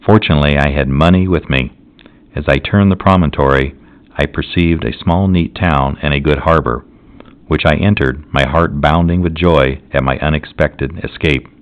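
A man narrating a classic novel as an audiobook, in a measured, solemn reading. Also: very deep voice. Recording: dull lo-fi recording.

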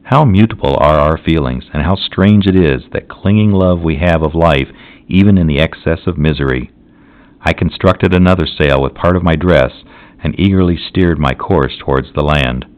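A man narrating a classic novel as an audiobook, in a measured, solemn reading. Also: very deep voice. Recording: dull lo-fi recording.

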